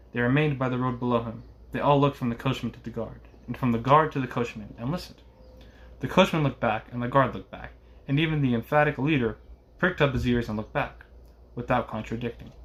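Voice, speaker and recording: Man reading a classic novel aloud. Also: medium pitch. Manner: steady reading with occasional slips. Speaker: reader.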